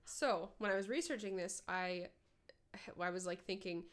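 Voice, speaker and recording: A woman's voice: on the low side, moderate pace. A young woman from Minnesota with a light Minnesotan accent, co-hosting a podcast in rambling, profane casual chat on a studio mic. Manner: rambling, profane, with many "like" fillers. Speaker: podcast co-host. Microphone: headphones and studio mic.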